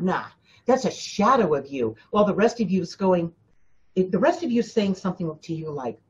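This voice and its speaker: A woman's voice: lowish voice, darkish tone, muffled recording. A woman hosting a spiritual coaching talk, speaking emphatically to her listeners, often repeating herself and addressing them directly. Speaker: spiritual teacher and host.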